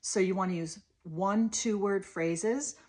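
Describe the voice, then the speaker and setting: Therapist, woman, 30s; explains plainly, switches to animated sing-song for toddlers. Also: mid-range voice, takes it slowly. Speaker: speech-language pathologist. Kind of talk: parent coaching lesson with toy demo.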